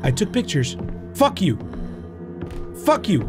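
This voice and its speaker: A man playing a horror game and commenting, panicky and swearing, often shouting in fright and dropping Spanish exclamations. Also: high-pitched, sing-song, slow pace, over music. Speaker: gaming streamer.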